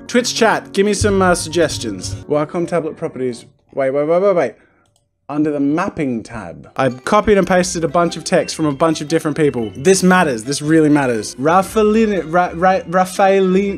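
Excitable Australian man gaming live. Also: a little high, moderate pace, faint music behind. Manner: excitable, animated, jokey. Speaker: streamer playing a painting game. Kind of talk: live let's-play commentary.

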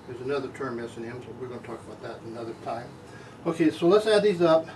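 A man giving a deadpan mock lecture, talking down to his listeners as if they were schoolchildren. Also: medium pitch, quick pace, far from the mic, slight background noise, rough recording. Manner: deadpan, talks down to audience as children. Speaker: comic lecturer.

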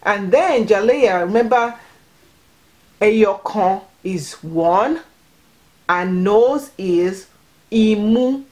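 A woman's voice: medium pitch, lively intonation, drawn-out words, long pauses, a little mellow. Encouraging woman teaching children at home. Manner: encouraging and patient, repeats and prompts words. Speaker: vlogger teaching Yoruba to children. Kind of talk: home language lesson.

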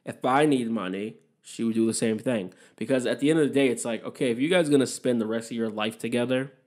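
Young man, podcast host, casual solo rant, blunt, swears a lot, rambling asides, mid-pitched. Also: fast, darkish tone. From Massachusetts, USA. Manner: candid, opinionated, swears freely, rambling asides.

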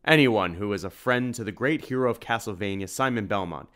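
Man putting on a growling burly shopkeeper, bear-like gruffness, formal old-world speech, loud and raised, lowish voice. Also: fairly quick, natural voice. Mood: gruff. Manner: formal, old-fashioned phrasing.

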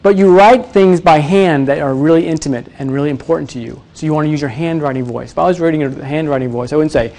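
A man teaching presentation skills to a live audience, energetic and demonstrative, often quizzing the room. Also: on the high side, quick pace, few pauses. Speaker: presentation coach. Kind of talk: live workshop talk.

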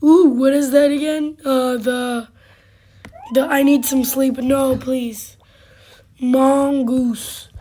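A high-pitched woman with a hoarse, husky voice chats through a gameplay session in slow, unhurried commentary. She halts often, fills gaps with fillers and sometimes sinks into a whisper. Her tone stays dark and mellow rather than bright. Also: steady tone. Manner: halting, with many fillers and sudden drops to a whisper. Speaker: gaming channel host.

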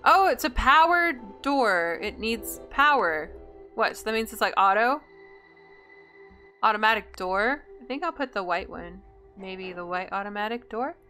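A woman hosts a gameplay video in casual let's-play style, chatting and thinking aloud indecisively over soft background music. Her medium-pitched voice is animated, pushed and bright, and her pace is a little slow.

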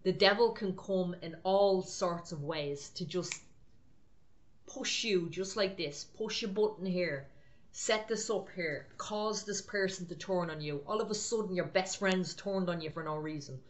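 A woman's voice: fairly low pitch, a little slow. A woman preaching a sermon, firm and exhorting in a conversational way.

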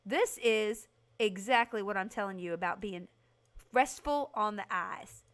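A woman livestreaming a house renovation game, chatting casually with her viewers and breaking into excited bursts. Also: mid-range voice, measured pace, smooth. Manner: chatty, talks to chat by name, excited bursts. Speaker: livestream host playing a video game. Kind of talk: casual live game commentary.

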